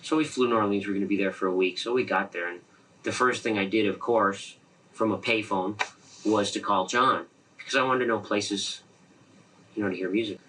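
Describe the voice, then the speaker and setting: A man's voice: lowish voice, fairly quick, pushed and bright, far from the mic, a little hiss or hum, poor audio. A man telling a story about a friend in an interview, acting out the quoted dialogue with animation. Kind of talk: anecdotal storytelling.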